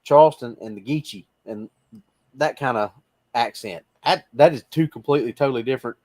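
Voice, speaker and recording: A man from upstate South Carolina co-hosting a podcast, animated and quick to laugh. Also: medium pitch, dry recording, studio quality. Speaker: podcast co-host. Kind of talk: casual podcast chat.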